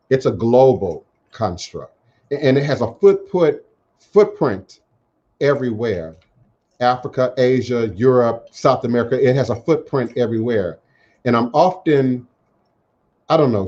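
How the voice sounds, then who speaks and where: A man hosting a call-in talk radio show, speaking in measured, emphatic, repeated phrases. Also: medium pitch, darkish tone. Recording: dull lo-fi internet radio audio.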